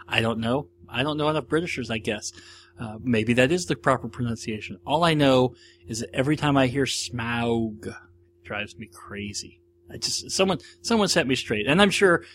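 A man's voice: medium pitch, fairly bright tone, a little hiss or hum. An American man hosting a podcast, talking through movie reviews in a rambling, enthusiastic, casual solo monologue. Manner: rambling, enthusiastic, chatty with many restarts. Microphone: audio-only recording, no video.

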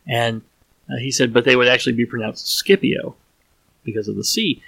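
Gravelly man musing aloud. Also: mid-range voice, brisk, sharp tone, dry recording, low-quality recording. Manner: thinks aloud, restarts and trails off often. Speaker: solo podcast host. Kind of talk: casual rambling monologue.

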